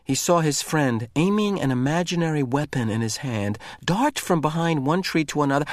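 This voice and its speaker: Guy reading a novel out loud, lots of ups and downs, dry close sound. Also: on the high side, no room sound. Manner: expressive, measured narration. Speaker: reader.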